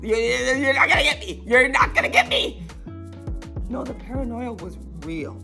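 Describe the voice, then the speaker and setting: A woman's voice: on the high side, lively intonation, normal speed, gravelly, over music. A young woman vlogger telling a childhood story in a casual, rambling way, full of fillers and little laughs.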